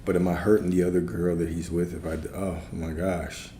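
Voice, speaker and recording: This man's voice is deep and warm, with a flat delivery and a fairly quick pace. As a spiritual coach and streamer, he teaches and responds to chat casually, repeating points and frequently asking "right?", in a roomy recording with faint background noise.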